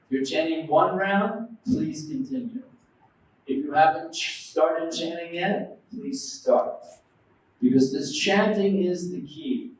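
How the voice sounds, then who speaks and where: High-voiced preacher in an echoey hall. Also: male voice, slow, slight background noise. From United States. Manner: lively storytelling, acting out quoted voices; questions the audience. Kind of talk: devotional lecture. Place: temple hall. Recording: very echoey hall, mic at a distance.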